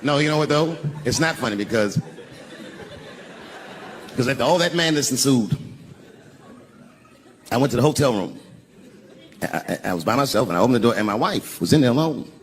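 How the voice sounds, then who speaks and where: A male stand-up comedian telling a story on stage, dropping to a hush and then shouting the punchlines. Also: medium pitch, lively intonation, brisk, pauses often. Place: large theater stage with an audience. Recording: reverberant venue sound with crowd noise. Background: audience laughter.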